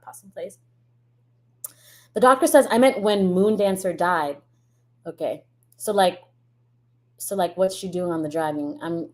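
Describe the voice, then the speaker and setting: A woman from the United States chatting casually as a reaction streamer, blunt and profane, quick to laugh. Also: lowish voice, darkish tone. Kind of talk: casual ranting reaction chat.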